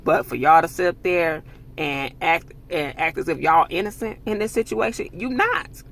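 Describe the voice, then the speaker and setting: Brief: heated man vlogger, raspy and gravelly, slightly high voice, cursing rant. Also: expressive, normal speed, fairly bright tone. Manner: angry, profane, emphatic ranting. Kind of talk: heated commentary monologue.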